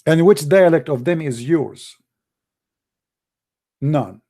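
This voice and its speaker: Host, male, Arabic accent, native Arabic speaker. Mocking, emphatic debater, fairly high, mellow voice. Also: animated, slow. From Middle East. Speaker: apologetics show host. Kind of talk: live debate talk.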